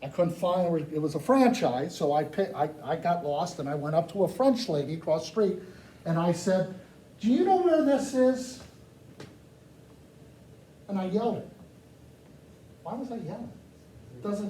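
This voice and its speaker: Brief: high, mellow-toned man working a room, joking and quizzing the audience; echoey hall, distant mic. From United States. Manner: animated, joking, asks the crowd questions. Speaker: speaker addressing a live audience. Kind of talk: lively talk with audience questions. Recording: echoey room, mic far off, faint noise.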